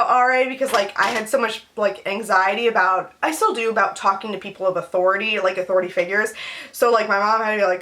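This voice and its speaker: Bright-voiced young woman telling a story. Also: medium pitch. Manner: rambling, filler-heavy, animated retelling. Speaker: vlogger. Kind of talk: casual storytime.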